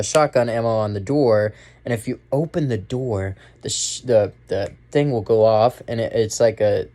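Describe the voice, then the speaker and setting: A man's voice: mid-range voice, a little mellow. A young man giving a casual, rambling movie review, full of fillers and restarts. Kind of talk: casual spoken film review.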